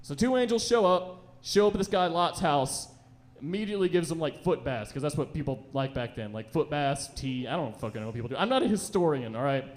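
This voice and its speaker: A young man doing a rambling, profane stand-up set in a comedy club, slipping into quick voices for the people in his stories. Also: on the high side, animated.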